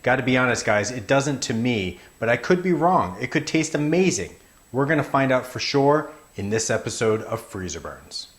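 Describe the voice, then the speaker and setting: A man's voice: medium pitch, sing-song, moderate pace. A man hosting a casual frozen food review to camera, wry and playfully exasperated, often calling his viewers "guys.".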